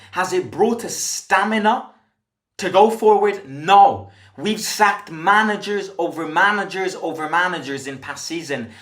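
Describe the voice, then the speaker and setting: A man's voice: fairly high pitch, fairly bright tone. A man hosting a football fan channel, delivering an impassioned commentary rant full of emphatic rhetorical questions and frequent restarts. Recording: echoey room.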